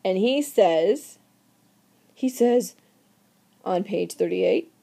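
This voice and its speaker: A woman teacher giving a recorded literature lecture, lively and theatrical, asking the class questions. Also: medium pitch, very slow, vocal fry, husky.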